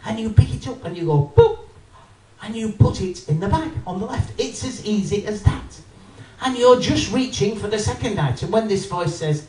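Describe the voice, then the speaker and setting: A man doing an animated stand-up routine, talking straight to a live audience. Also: high-pitched, normal speed, slight background noise. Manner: animated, addresses the audience, acts out voices. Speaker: stand-up comedian. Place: live comedy venue with audience. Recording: roomy live venue, mic from a distance.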